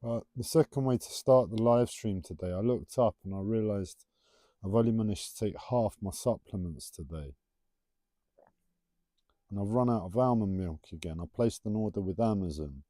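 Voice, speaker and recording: A man's voice: lowish voice, normal speed, dark tone, dry recording, studio quality. A man hosting a rambling solo livestream from home, waffling off on tangents and having trouble pronouncing his T's. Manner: wanders off on tangents, self-described waffling. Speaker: livestream host.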